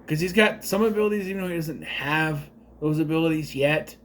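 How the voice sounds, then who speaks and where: A man's voice: a little high, brisk, a bit bright, a little hiss or hum. A man giving a casual spoken movie review, rambling with unsure asides and self-corrections.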